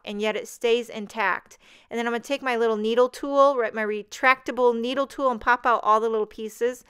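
A woman's voice: a little high, a bit bright, clean tone. A woman, hosting a card-making tutorial in a bubbly, chatty, self-deprecating voice-over.

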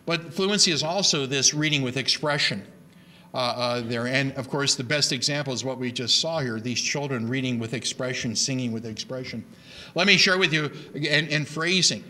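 In a mid-range voice at normal speed, a middle-aged man gives an emphatic live lecture about how to teach reading. His delivery is animated, and he often starts his words over.

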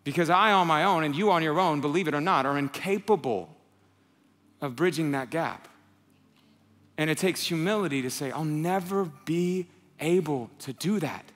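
At a moderate pace and a little high in pitch, a young pastor delivers a chatty sermon, performing the quotes he tells. His intensity rises to near-shouting, and the audio carries long hall reverb with soft music behind.

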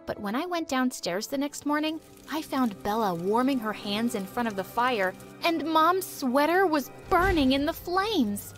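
A woman's voice: high-pitched, lively intonation, unhurried, hardly any pauses, faint music behind. A woman voicing an earnest teenage storyteller girl. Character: earnest teenage girl narrating her family troubles. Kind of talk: animated story narration.

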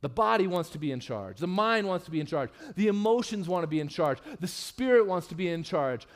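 A man's voice: a little fast, hardly any pauses. Candid, joking male pastor preaching. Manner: candid and humorous, with lively swings in pitch and loudness. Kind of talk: sermon. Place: church sanctuary.

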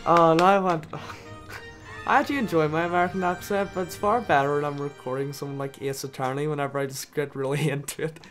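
A man's voice: fairly high pitch, fairly even intonation, a little fast, fairly bright tone, faint music behind. A young British man co-hosting a let's play, giggly and self-deprecating in casual chat. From Britain. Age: young adult.

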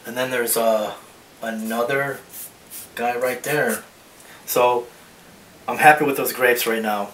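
A man's voice: medium pitch, steady tone, takes it slowly, pauses often, a bit bright. A man talks through a charcoal drawing demo as he works. He thinks aloud and rambles, often restarting his sentences. He sits back from the microphone in a roomy space, with a faint hiss under his voice. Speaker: art teacher. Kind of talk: drawing demonstration. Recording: roomy echo, mic at a distance, faint hiss.

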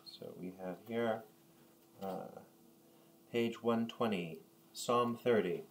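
A man with a very low voice leads a prayer service as a lay reader. He moves between reading and chanting the liturgy and giving relaxed, halting instructions, with frequent fillers and throat-clearing. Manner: unhurried, halting asides with fillers.

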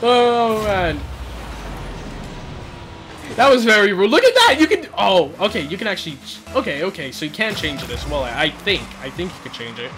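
Excitable young man yelling over gameplay. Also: sits high, over music. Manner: excitable, repeats words in rapid bursts; yells at tense moments. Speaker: gaming YouTuber. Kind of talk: live gameplay commentary.

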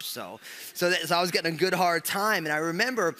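Animated New pastor in a big hall. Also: male voice, a little high, brisk. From New Jersey, USA. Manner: animated, joking, lots of fillers. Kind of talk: storytelling sermon. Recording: long hall reverb.

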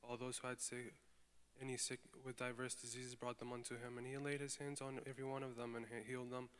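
Male scripture reader, clear smooth tone, level delivery. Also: medium pitch. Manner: rapid, even reading with small slips. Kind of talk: scripture reading.

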